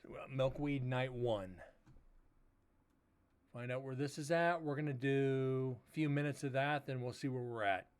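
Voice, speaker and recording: A man hosting a paranormal livestream, chatting casually and rambling a little, with a loud voice that he says carries far. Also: mid-range voice, steady tone, normal speed, clear, resonant tone. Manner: rambling, laid-back talk with fillers. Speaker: paranormal investigator host.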